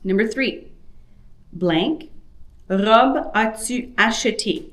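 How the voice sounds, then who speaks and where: A woman French teacher leading a grammar lesson at a very unhurried pace. Her pitch sits in an ordinary middle range, and she enunciates each word clearly and carefully. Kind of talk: language lesson.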